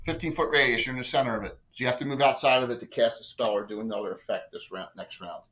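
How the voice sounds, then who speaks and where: A man running a tabletop game as game master, chatty and loose, with quick rules asides. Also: medium pitch, fairly bright tone, slight background noise, poor audio.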